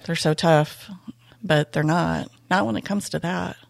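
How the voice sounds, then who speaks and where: A woman, a retired police dog handler, talking reflectively in a casual podcast conversation, pausing often. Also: sits low, steady tone, creaky, no echo, studio quality. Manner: reflective, soft-spoken, many pauses and fillers.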